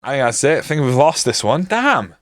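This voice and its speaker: Man streaming a management game, smooth clear voice, dry close sound, casual grumbling, frequent swearing. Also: medium pitch, sing-song, brisk, dry recording. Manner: frustrated, grumbling, swears often. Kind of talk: casual live-stream commentary.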